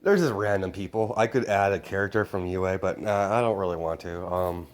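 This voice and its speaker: A man improvising a fan story out loud in a rambling way, filling his sentences with hesitations and fillers. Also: sits low, brisk. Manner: rambling, full of "you know" fillers.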